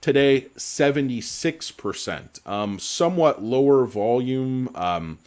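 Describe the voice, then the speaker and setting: A man's voice: mid-range voice, expressive, takes it slowly, a little mellow. A man hosting a casual stock market show, ranting in a profane, sarcastic, rambling way with comic insults. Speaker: stock commentary host.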